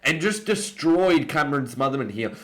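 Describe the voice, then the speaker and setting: Excitable Australian man breaking down fights. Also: normal speed. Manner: opinionated, excitable, jumps up in pitch on emphasis. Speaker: MMA commentator.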